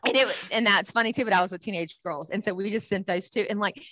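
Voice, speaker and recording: A young woman co-hosting a casual podcast, talking in an animated, teasing way and laughing often. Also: mid-range voice, fast, no echo, low-quality recording. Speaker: podcast co-host. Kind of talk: casual chat.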